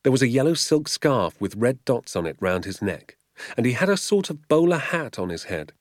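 A man reading a children's novel aloud as an audiobook, with measured, vivid storytelling. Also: mid-range voice, big pitch swings, no echo, studio quality. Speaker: audiobook reader. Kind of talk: audiobook narration.

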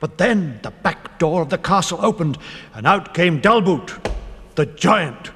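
A man reading a children's story aloud in a playful, animated way. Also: high-pitched, a little slow, noisy background. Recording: reverberant, with loud music.

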